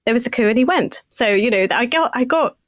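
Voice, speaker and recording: Lively, laughing woman storyteller. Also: a little high, a little fast, no room sound. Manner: animated, self-mocking, laughs often. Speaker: podcast co-host. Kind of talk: casual storytelling chat.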